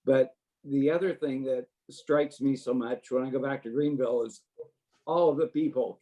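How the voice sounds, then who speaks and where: Man with a mellow voice, getting emotional. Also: medium pitch, steady tone, rough recording. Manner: halting, emotional, with fillers. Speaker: younger brother. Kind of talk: casual family video call. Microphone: video call.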